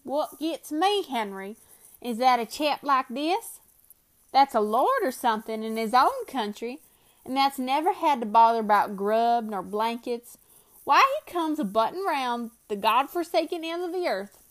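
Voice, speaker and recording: A woman's voice: high voice, very animated. A woman doing a rustic frontier man, drawled. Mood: brooding. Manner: rustic backwoods dialect, drawn-out and emphatic. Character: rough frontier man, grizzled sled-dog driver, uneasy.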